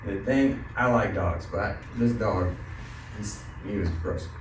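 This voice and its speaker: A man's voice: lowish voice, a little slow. A man teaching a Bible study class in casual, conversational style, asking the group questions and telling light stories. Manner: conversational, asks the class questions, tells a joking story. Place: church classroom. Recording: roomy, mic from a distance, faint noise.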